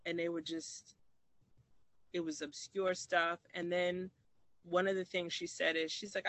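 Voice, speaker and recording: A man's voice: high-pitched, level tone, measured pace, pushed and bright, no echo. A man from Maryland telling a personal story in an interview, reflective, with restarts and acted-out quoted dialogue. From Maryland, USA.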